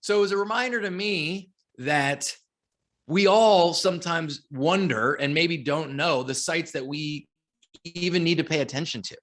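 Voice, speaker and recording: A man's voice: fairly high pitch, unhurried, fairly bright tone. A man presenting a marketing masterclass in an upbeat, chatty way, often putting questions to his listeners. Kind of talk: lively webinar teaching.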